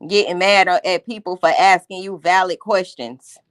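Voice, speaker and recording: This livestream host has a fairly low voice with fairly even intonation and a moderate pace. She delivers casual commentary bluntly, confronting people with repeated questions. The audio has no echo and a dry, close sound.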